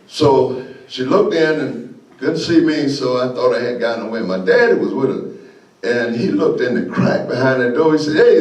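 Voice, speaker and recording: An older man, a guest speaker telling folksy stories, animated and often laughing. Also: medium pitch, far from the mic. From Florida, USA. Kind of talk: storytelling speech. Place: meeting hall. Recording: echoey room, voice from afar.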